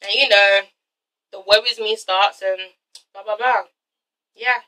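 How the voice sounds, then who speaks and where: A woman's voice: medium pitch, fairly even intonation, measured pace, pushed and bright, far from the mic, rough recording. A young woman vlogger giving a sassy, swearing review of a reality show episode, mimicking the people in it. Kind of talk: casual ranting review.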